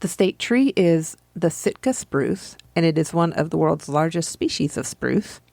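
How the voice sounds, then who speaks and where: A woman's voice: sits low, lively intonation, measured pace, gravelly, a little mellow, no room sound. A woman co-hosting a podcast, rambling through fun facts in a chatty, giggly way. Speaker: podcast co-host. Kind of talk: casual chat.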